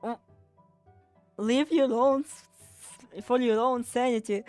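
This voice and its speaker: Casual game streamer, woman, rambling and foul-mouthed, unhurried, dry close sound. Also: a little high, darkish tone, no room sound, soft background music. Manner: rambling, swears freely, many fillers.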